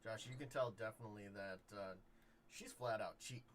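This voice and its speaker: A man's voice: lowish voice, fairly quick, background noise. Laid-back man narrating as game master. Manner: relaxed, loose narration with fillers.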